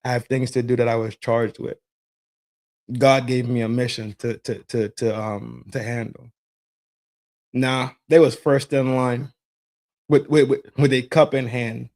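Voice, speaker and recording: A man's voice: mid-range voice, a little mellow. A man on a casual call-in show, talking in a preachy way and repeating words as he works through his point.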